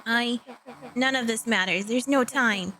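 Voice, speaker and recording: A woman's voice: on the high side, a little slow, pushed and bright, slight background noise, rough recording. Woman voicing bitter boy turned monster. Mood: resentful. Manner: bitter, sarcastic, resentful.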